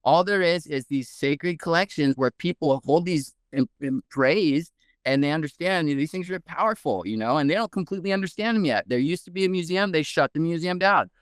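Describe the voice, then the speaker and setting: A man, a guest researcher, telling a story in a casual, animated way with many "like"s. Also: on the high side, brisk, smooth, no room sound, studio quality. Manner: animated, heavy use of "like".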